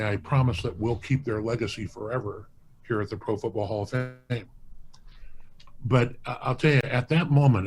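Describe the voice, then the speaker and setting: A man's voice: mid-range voice, a little mellow, a little hiss or hum. A man being interviewed as a museum president, earnest and rambling, often restarting his phrases while he tells stories. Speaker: hall of fame president, guest. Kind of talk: casual interview storytelling.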